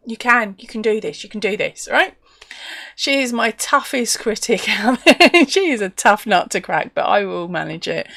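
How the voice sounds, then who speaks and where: A woman's voice: medium pitch, a bit bright, dry recording, clean studio sound. An English woman hosting a crochet live stream from home, chatting casually, laughing often and reading viewer comments aloud.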